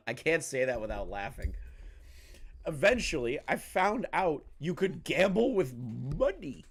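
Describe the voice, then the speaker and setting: A man's voice: a little high, big pitch swings, a little slow, husky. A man giving profane, mocking reaction commentary on streamer drama, ranting heatedly at the people he covers. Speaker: commentary YouTuber.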